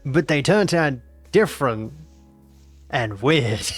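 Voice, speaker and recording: A man's voice: mid-range voice, lively intonation, slow, slightly rough, faint music behind. A nineteen-year-old man, chatting casually and teasingly as a game streamer reacting to his chat. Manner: playful and teasing, repeats himself.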